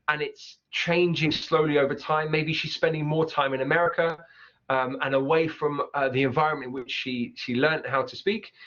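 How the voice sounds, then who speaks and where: A man teaching pronunciation, repeating words slowly to demonstrate sounds. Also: a little high, fairly bright tone. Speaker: accent teacher. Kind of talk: explaining pronunciation over clips. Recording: dull lo-fi sound.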